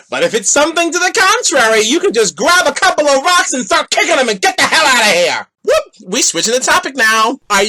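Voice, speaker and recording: A man's voice: high voice, bright, forceful tone. A man hosting his own podcast, delivering an opinionated, sassy monologue with whooping exclamations. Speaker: podcast host.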